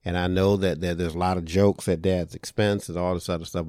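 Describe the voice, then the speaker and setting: Middle-aged male podcast host and minister, very low voice, dry close-mic sound, heartfelt and unscripted. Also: flat delivery, brisk, darkish tone, dry recording. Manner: earnest, heartfelt, with frequent repetitions and restarts. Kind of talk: reflective podcast monologue.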